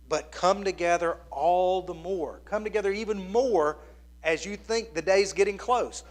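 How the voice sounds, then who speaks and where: A man in his fifties preaching a sermon, telling a story in an earnest, conversational way and dropping to a hushed near-whisper at tender points. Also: sits high, normal speed. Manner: plainspoken and conversational with the congregation. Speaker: pastor.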